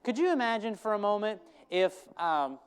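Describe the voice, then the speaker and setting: A man's voice: high voice, animated, moderate pace, clear, resonant tone. A man preaching a sermon as pastor, earnest, repeating his key lines for emphasis.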